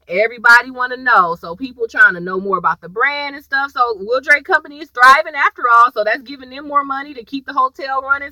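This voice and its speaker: A woman recapping a TV episode in casual chat, animated and slangy, talking straight to her viewers. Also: a little high, no room sound, rough recording. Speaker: TV episode reviewer.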